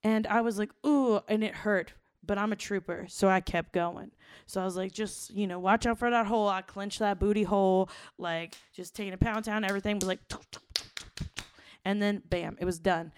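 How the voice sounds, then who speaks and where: A young woman co-hosting a podcast, telling a raunchy story in blunt, profane, animated casual talk. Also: mid-range voice, moderate pace, smooth, dry recording. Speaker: podcast co-host.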